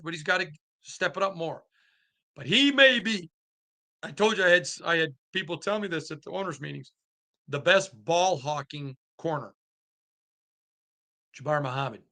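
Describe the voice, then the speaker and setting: A man's voice: fairly high pitch, bright, forceful tone. A man hosting a sports podcast, talking emphatically and animatedly with lots of restarts and asides. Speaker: podcast host. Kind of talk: casual sports commentary.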